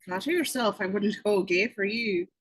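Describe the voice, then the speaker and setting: A woman with a husky voice reading a stocky, grumbling fifty-year-old man from Belfast in an amateur script read. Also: medium pitch, moderate pace, no room sound, natural voice. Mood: gruff.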